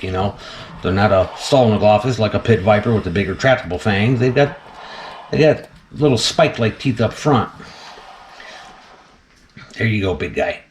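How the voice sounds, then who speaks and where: A man's voice: lowish voice, reverberant, a little hiss or hum. A man hosting a casual vlog while feeding a snake, chatty and laughing often as he talks to the animal. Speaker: snake keeper and channel host.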